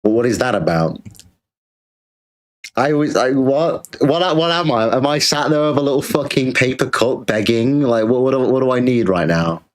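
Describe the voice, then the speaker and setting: British male streamer, sarcastic crude rant, mid-pitched voice. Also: expressive, moderate pace. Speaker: streamer host. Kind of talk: livestream rant.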